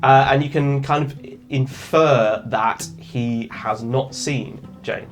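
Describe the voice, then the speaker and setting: A man's voice: medium pitch, faint music behind. A man narrating as game master of a tabletop role-playing game, describing scenes and voicing characters. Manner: unhurried descriptive narration, drops into character voices.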